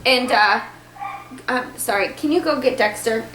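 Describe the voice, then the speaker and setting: A woman telling a personal story to camera at home in a chatty, animated way, acting out the dialogue. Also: fairly high pitch, measured pace, background noise. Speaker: vlogger telling her birth story. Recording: echoey room, faint ambience.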